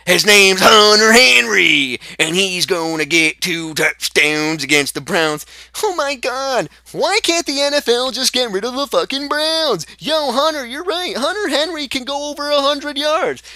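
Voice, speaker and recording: A man doing a squeaky hyped-up sports bro. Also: lively intonation, a little slow, sharp tone, no echo, clean studio sound, full character voice. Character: excitable young male sports bro, very high voice.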